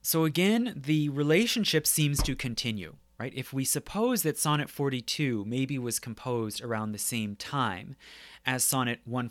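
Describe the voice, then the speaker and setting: A man's voice: medium pitch, fairly bright tone, no room sound. A man lecturing on poetry in a conversational way, often checking in with his listeners. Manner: conversational, tags points with "right?". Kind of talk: academic lecture.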